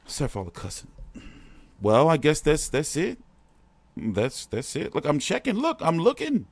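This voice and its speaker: A man's voice: a little high, wildly swooping pitch, moderate pace, slightly rough, no room sound. A man hosting a boxing show, talking in a rambling, profane, slangy way while he complains during a casual live stream. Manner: slangy street talk.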